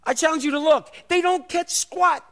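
A man preaching a sermon, retelling a story with lively acted voices and dropping soft and low for the tender parts. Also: normal speed, creaky. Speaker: pastor.

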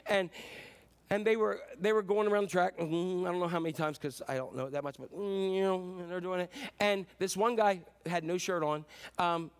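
High-voiced animated pastor. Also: male voice, normal speed. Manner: animated storytelling with sudden whoops. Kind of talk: sermon.

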